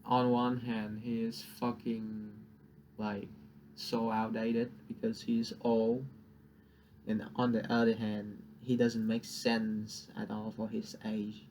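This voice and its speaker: A man's voice: lowish voice, monotone, takes it slowly, a little mellow, a little hiss or hum. A young man whose first language is Vietnamese, venting in a casual, profane rant and laughing at his own jokes. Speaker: vlogger.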